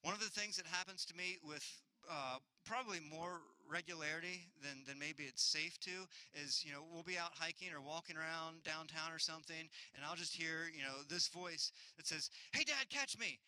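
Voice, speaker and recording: A man's voice: on the high side, fairly even intonation, moderate pace, hardly any pauses, sharp tone, clear, resonant tone, poor audio. A man in his thirties preaching a sermon, earnest and building with repetition, sometimes acting out other voices. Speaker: pastor.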